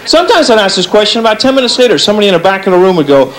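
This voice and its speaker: A man doing a stand-up comedy routine on stage, talking to the audience with an animated delivery and acting out little voices. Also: racing, hardly any pauses, a faint crowd, low-quality recording. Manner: lively, animated delivery with big pitch swings and acted-out voices. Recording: live stage set with audience laughter. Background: faint audience laughter.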